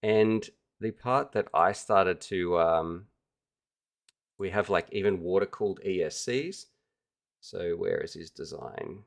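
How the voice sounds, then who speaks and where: An Australian man hosts a casual livestream in a low, creaky voice at a slow pace. He's chatty and enthusiastic, talking directly to his viewers.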